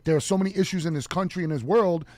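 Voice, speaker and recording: Guy with a high voice co-hosting a radio show, cussing and ranting, dry close mic. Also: rapid-fire, dark tone, dry recording. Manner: profane ranting, heated. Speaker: co-host. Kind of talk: casual chat. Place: radio studio.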